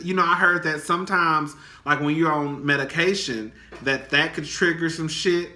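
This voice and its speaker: A young man with a high-set, very bright voice gossips to his viewers in a casual vlog. He talks dramatically and profanely, calling everyone girl. The sound is echoey, as if recorded in a bare room. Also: a little slow, hardly any pauses. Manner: dramatic and chatty, swinging high and low. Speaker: vlogger.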